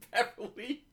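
A choked-up man co-hosting a casual chat, rambling through a heartfelt story with a bright voice. His words come in fits and restarts as emotion catches him. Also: a little hiss or hum. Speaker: podcast co-host.

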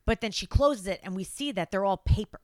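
A woman's voice: fairly quick, no room sound. Woman gushing about a movie on a podcast, dry close sound. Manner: animated, acts out quotes in a high frantic voice. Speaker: podcast co-host. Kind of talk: casual chat recapping a film.

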